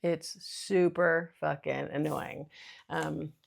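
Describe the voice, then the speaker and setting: A woman's voice: low-pitched, steady tone, slow pace, creaky. A woman in her thirties hosting a casual solo podcast, rambling and self-deprecating with lots of fillers. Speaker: podcast host.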